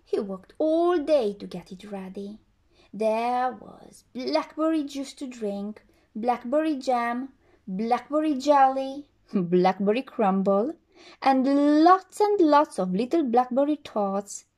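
Slow expressive woman reading a children's story. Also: a little high. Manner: slow, expressive, sing-song. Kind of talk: children's story read-aloud.

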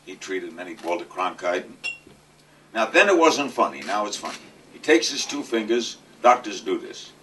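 An older man giving a comic, anecdotal speech at a charity event, delivering punchlines with deadpan timing. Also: on the low side, normal speed. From New York. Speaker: guest speaker at a charity event. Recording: distant mic with faint noise.

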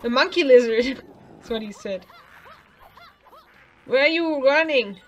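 Animated yet measured in pace, a high-pitched woman does a let's play, casually commenting on the video game. She talks to the characters and adds playful sound effects.

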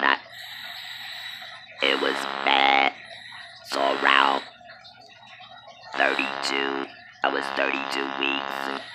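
A woman telling a personal story in a casual, halting way, pausing often with fillers. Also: a bass voice. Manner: halting, with many fillers and pauses. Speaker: vlogger telling her birth story. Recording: loud background noise.

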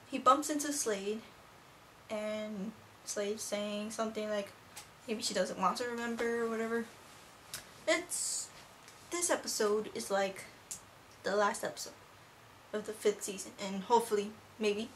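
A woman's voice: mid-range voice, unhurried, long pauses, a little hiss or hum. A teenage girl casually reviewing a cartoon episode as a rambling, gushing fan. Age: teens. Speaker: video reviewer.

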